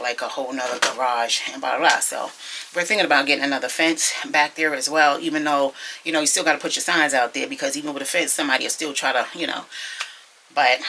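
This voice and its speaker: A young woman chatting to her viewers at home, telling a story in an animated, gossipy way and calling them y'all. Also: sits low, a little hiss or hum. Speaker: vlogger. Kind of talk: casual chatty vlog storytelling. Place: at home, indoors.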